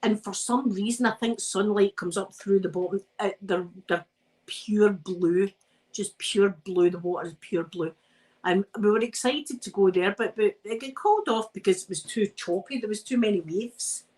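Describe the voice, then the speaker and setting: A woman's voice: medium pitch, normal speed, a little mellow, rough recording. A Scottish woman chatting on a live stream while she irons, telling rambling stories and laughing often. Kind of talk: casual chat while ironing.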